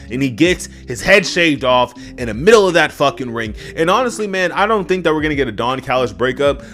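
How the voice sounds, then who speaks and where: A man casually reviewing a wrestling show on his own, swearing freely, talking to his chat and breaking into loud yelled asides. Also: fairly high pitch, a little fast, hardly any pauses, faint music behind. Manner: animated, profane, addresses chat, bursts into loud yelled asides. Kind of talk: casual solo review rant.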